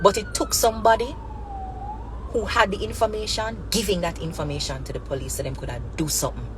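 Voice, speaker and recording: A woman's voice: medium pitch, wildly swooping pitch, fairly quick, noisy background. Emphatic Jamaican woman commentator. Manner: emphatic, repetitive, speaks in Jamaican Patois and English. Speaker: commentary channel host. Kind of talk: impassioned spoken commentary.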